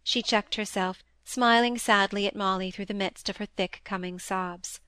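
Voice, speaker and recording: A woman narrating a classic novel in a measured, even storytelling manner. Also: medium pitch, clear, resonant tone, no echo. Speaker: audiobook reader. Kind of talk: scripted narration.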